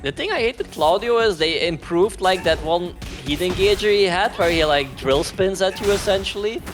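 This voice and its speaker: A man with a somewhat high voice talks through a fighting game tournament in a loose, rambling way. He is often sarcastic and laughs between points. Faint music plays underneath. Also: expressive, moderate pace. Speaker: tournament commentator. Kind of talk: casual esports commentary.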